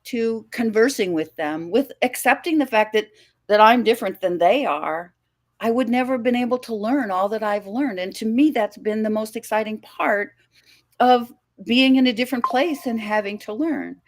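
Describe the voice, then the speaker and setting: A woman's voice: fairly high pitch, moderate pace. An older woman from the American Midwest talks as a podcast guest. Her tone is reflective and chatty, and she often restarts her sentences and laughs lightly as she goes. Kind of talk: casual conversational interview.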